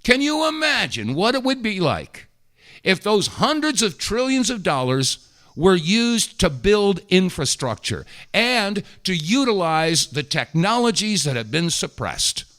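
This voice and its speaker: Impassioned talk radio host, lively voice. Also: male voice, high-pitched, measured pace. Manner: impassioned, rambling, with restarts.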